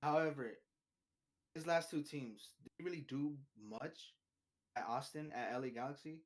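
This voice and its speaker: A man in a relaxed sports conversation, explaining his choice bit by bit. He hesitates, restarts, and checks in with his listeners with quick tag questions. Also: on the high side. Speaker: podcast co-host. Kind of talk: casual sports chat.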